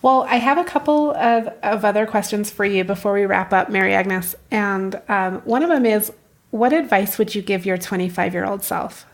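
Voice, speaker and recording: A woman hosting a podcast interview, with a strongly gravelly, fry-laden voice at a middle pitch. She keeps answering her guest with short affirming remarks. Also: moderate pace. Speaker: podcast host. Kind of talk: interview conversation.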